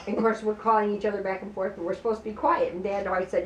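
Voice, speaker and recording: A woman's voice: mid-range voice, very fast, dull audio. An older woman telling family stories in casual talk, acting out quoted voices and laughing as she goes. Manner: lively storyteller who acts out quoted voices and laughs often. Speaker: sibling sharing family memories. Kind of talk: casual storytelling among family. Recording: roomy, distant mic, faint background noise.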